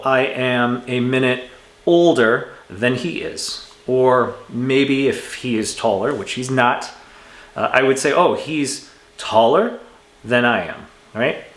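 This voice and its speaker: A man teaching an English grammar lesson from home, in a relaxed, chatty way that often corrects itself. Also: medium pitch, slow, echoey room. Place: home room with a cat.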